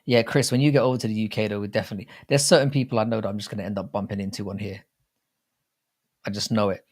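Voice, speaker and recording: Running a live chat stream, a young man from England rambles, swears regularly and voices viewer comments. He has an English accent and a lowish, steady, rapid-fire way of speaking.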